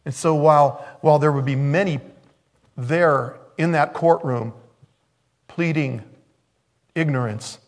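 Animated male preacher, higher voice. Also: slow, pauses often. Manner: animated storytelling, acts out quoted voices. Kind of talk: sermon.

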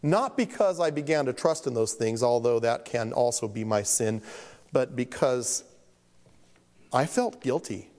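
A man's voice: mid-range voice, expressive, unhurried, a little mellow. A man preaching a sermon as pastor, telling stories with self-deprecating humor and acting out the voices of the people in them. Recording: long hall reverb.

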